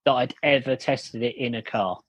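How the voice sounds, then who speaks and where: A man's voice: medium pitch, moderate pace, a bit bright, no room sound. A man telling a story over a call, rambling with many fillers and restarts. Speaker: guest, company founder. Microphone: video call.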